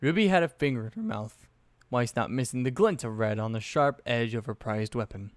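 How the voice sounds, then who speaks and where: A man's voice: medium pitch, animated, brisk, no room sound. Casual young man reading fanfiction. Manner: offhand, swears in asides. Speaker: fanfiction narrator. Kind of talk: casual story narration.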